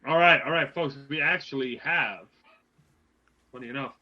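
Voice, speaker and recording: A man's voice: mid-range voice, moderate pace. A man co-hosting a casual podcast, upbeat and playful. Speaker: podcast co-host, scorekeeper. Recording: dull lo-fi audio.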